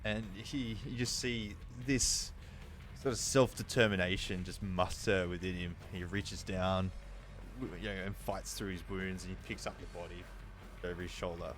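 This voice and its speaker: A man running a tabletop game as game master, narrating events in a relaxed way with fillers. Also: deep voice, normal speed, faint music behind. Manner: relaxed storytelling with fillers and laughs.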